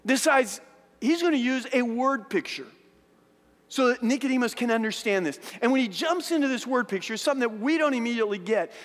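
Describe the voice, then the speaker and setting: High-voiced pastor preaching in a reverberant hall. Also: male voice, brisk. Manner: animated storytelling, acting out voices of biblical figures; repeats words and restarts often. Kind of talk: sermon.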